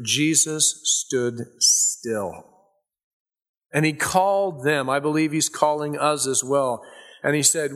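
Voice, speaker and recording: A male preacher delivering a sermon at an ordinary mid-range pitch. He reads scripture slowly and softly, then climbs into loud, fervent emphasis. Quick conversational asides break up the preaching.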